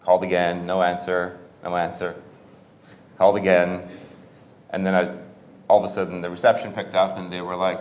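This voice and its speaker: A man's voice: low voice, monotone, moderate pace, long pauses. A man giving a motivational talk, telling a story in a conversational, humorous way and often correcting himself mid-sentence. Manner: conversational and humorous, with frequent self-corrections and laughter. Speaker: motivational speaker.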